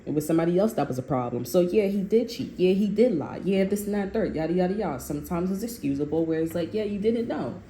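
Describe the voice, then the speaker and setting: A woman's voice: lowish voice, fast talker, few pauses. Blunt, profane woman reading tarot. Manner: blunt, profane, animated storytelling. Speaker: tarot reader. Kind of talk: casual tarot reading monologue. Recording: echoey room with faint ambient noise.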